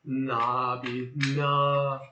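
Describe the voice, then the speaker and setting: A young man with a raspy throat muses his way through a casual tarot reading, leaning on fillers and half-finished thoughts. His voice has a bright, sharp edge, and it rings in an echoey room. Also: mid-range voice, level tone, extremely slow, lo-fi sound, a little hiss or hum. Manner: rambling, filler-heavy, musing aloud. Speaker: tarot reader.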